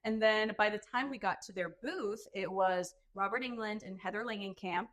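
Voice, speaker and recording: A woman's voice: medium pitch, normal speed, fairly bright tone. A woman guest on a podcast telling stories in a casual chat, laughing often and filling her talk with "like.". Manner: chatty, many "like" fillers, laughs often. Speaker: podcast guest, burlesque performer.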